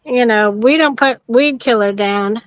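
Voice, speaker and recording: A woman joins a livestream as a guest, speaking slowly and gently in a slightly high, smooth voice. She holds the phone herself, and her voice sounds close and dry. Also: no echo, rough recording. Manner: gentle, unhurried, earnest. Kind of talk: casual chat. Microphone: handheld phone.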